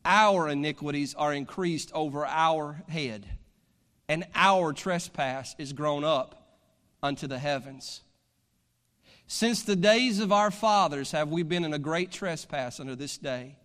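A man's voice: a little high, measured pace, fairly bright tone. A male preacher, delivering a sermon, reading scripture aloud and building to fervent preaching. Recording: long hall reverb.

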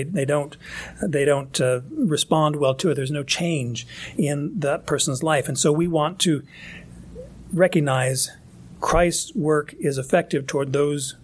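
A man's voice: on the high side, husky. A man preaching a sermon in a conversational, emphatic way, often restarting his phrases. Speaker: pastor.

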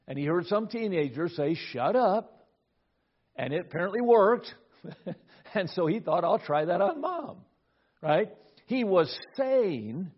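A middle-aged man delivers a sermon, his husky voice sitting a bit high for a man. He tells a personal story, often repeating words as he starts a thought. The recording sounds dull and lo-fi. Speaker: pastor.

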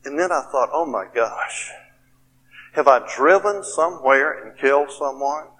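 A middle-aged male preacher tells his story to a conference crowd in a plain, folksy way, leaning on "you know" between phrases. His voice sits at an ordinary pitch for a man. The sound carries a long reverb from the hall. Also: animated, unhurried, a bit bright, a little hiss or hum. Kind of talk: conference sermon with personal story.

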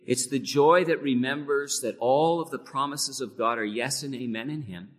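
In a church sanctuary, a male pastor with a medium-pitched voice preaches at normal speed. His earnest sermon builds to emphatic peaks on key phrases, all wrapped in long hall reverb.

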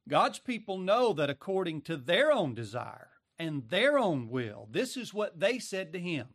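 Animated, slow-paced male preacher. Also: high-pitched, dry recording, clean studio sound. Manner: dramatic preaching, acting out quoted voices, pausing often. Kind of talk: sermon.

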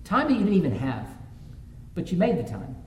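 A man's voice: on the high side, wildly swooping pitch, brisk, lo-fi sound. A man preaching a sermon as pastor, telling stories from his own family life and rising to fervent emphasis. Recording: roomy echo, faint background noise.

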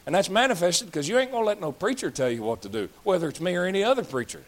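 This 30-something pastor scolds and jokes with his flock in a blunt, folksy, fiery sermon. His voice sits high and sing-song, moving at a quick pace with hardly any pauses.

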